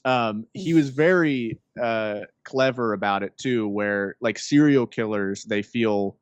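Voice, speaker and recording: A man's voice: lowish voice, slow, clear, resonant tone, dry recording. A man co-hosting a film podcast, chatting casually, laughing often and swearing freely. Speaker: podcast co-host. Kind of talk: casual film review chat.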